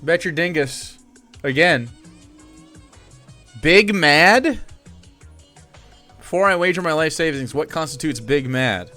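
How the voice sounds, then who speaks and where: A man streaming live, chatting casually and breaking into excited shouts. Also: mid-range voice. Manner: excitable, swings into loud shouts.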